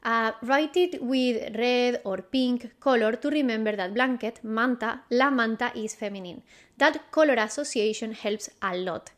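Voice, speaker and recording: A woman teaching a vocabulary lesson, repeating each word slowly and quizzing the listener in a patient, encouraging way. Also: fairly high pitch, fairly bright tone. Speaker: Spanish teacher. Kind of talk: slow, clear vocabulary lesson.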